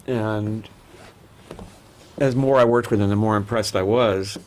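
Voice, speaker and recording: A man's voice: fairly low pitch, steady tone, unhurried, darkish tone. A man, a podcast guest, telling rambling personal stories in a candid, casual way with frequent restarts. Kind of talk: casual interview storytelling.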